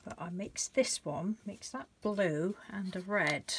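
A woman talks through a painting tutorial at an unhurried, leisurely pace, thinking aloud and gushing over her colours. Her pitch sits at an ordinary middle height, with a faint hiss of noise behind her. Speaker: craft channel host.

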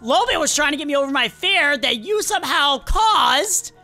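A woman's voice: high-pitched, animated, normal speed, sharp tone, faint music behind. A woman voicing a mischievous male animatronic fox who teases and plays at being creepy in a fan cartoon. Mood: explaining. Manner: teasing, playfully creepy, sing-song.

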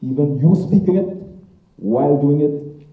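A man on a festival panel talking in a thoughtful, measured way about his role. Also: fairly high pitch. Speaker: voice actor on a panel. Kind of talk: festival talkback answer. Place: cinema auditorium. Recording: tinny, distant, echoey.

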